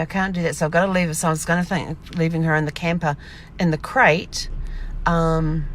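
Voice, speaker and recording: A woman with a low, deep-set voice chats through her day in a loose, rambling vlog. She acts out her own remarks in lively bursts, with a faint hum of ambience behind her. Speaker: vlogger. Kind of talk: casual diary vlog. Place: inside her camper.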